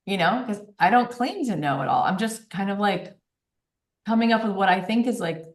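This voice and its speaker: A woman's voice: medium pitch, expressive, moderate pace, reverberant. A woman guest on an interview podcast, talking in an earnest, effusive way with frequent fillers. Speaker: guest, author and podcast host. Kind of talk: casual interview talk.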